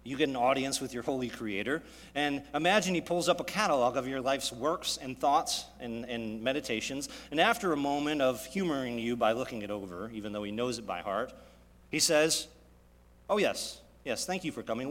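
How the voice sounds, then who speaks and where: Male pastor, mid-pitched, dynamic sermon delivery with dramatic shifts in volume, church hall reverb. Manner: dynamic preaching with sharp swings in loudness and pitch. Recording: long reverb of a large hall.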